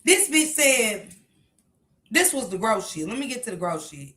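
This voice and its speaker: A woman streamer in a heated, profane, casual rant to her viewers, breaking into shouts. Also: fairly high pitch, sing-song, moderate pace, echoey room.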